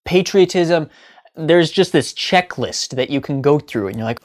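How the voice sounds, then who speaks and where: A man's voice: on the high side, moderate pace. Sarcastic man ranting casually. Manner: chatty, sarcastic, breaks into mocking sung parodies. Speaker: comedy vlogger. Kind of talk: casual comedic monologue.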